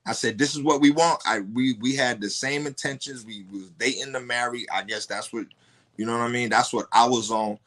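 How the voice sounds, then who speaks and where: On a podcast, a male guest speaks in a mid-range, steady voice with a fairly bright tone. His personal story comes out casual and profane, halting, with frequent restarts.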